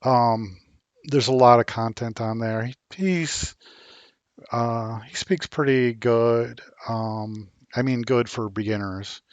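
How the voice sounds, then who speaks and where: A man talking casually in a vlog about learning Spanish, halting and full of ums and restarts, a little worn out. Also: mid-range voice, no echo, lo-fi sound. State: a bit worn out.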